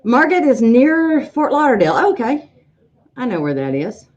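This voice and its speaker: A woman's voice: on the high side, big pitch swings, normal speed. Chatty woman hosting a lo-fi livestream. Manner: chatty, rambling, with frequent ums. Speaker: host of a live sewing software show. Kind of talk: casual livestream chat greeting viewers.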